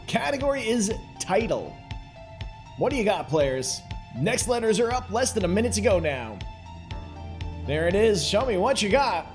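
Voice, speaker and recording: A man with a high, light voice hosts a live trivia game, chatting brightly and cheering on the players in the chat. Faint music plays under him. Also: sing-song, moderate pace, pauses often. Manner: upbeat, chatty, addresses the chat directly. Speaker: game show host.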